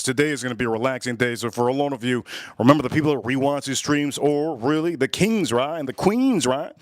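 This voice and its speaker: A middle-aged man with a mid-range voice hosts a casual livestream from home, speaking straight to his viewers. He rambles and keeps repeating phrases. The sound is studio quality with no echo.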